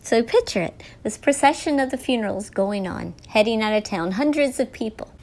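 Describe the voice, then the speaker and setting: Woman, devotional talk host, earnest storyteller, soft near-whispers, fairly high pitch. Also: lively intonation, a little fast. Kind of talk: devotional talk while painting.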